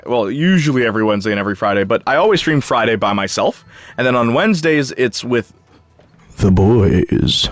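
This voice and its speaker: A man's voice: mid-range voice, a bit bright, dry recording. A young man hosting a live game stream, chatting casually and answering viewer comments. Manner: chatty, jumpy, talks back to chat.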